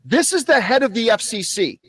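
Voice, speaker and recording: A man's voice: extremely high pitch, very animated, fairly quick, a bit bright, slightly rough. A man commenting on the news in a played clip, emphatic and repeating phrases for stress.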